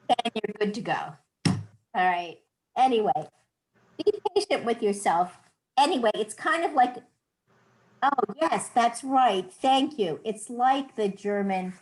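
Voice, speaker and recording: A woman's voice: mid-range voice, animated, measured pace, low-quality recording. A middle-aged American woman teaching a Hebrew class, patiently explaining and demonstrating sounds. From United States. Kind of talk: online class lesson.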